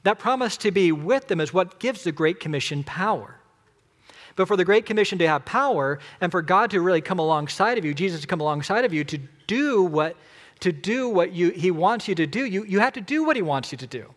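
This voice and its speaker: A man's voice: sits high, expressive, brisk, fairly bright tone. A man preaching a sermon, emphatic, counting off points and putting rhetorical questions to his listeners. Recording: long hall reverb.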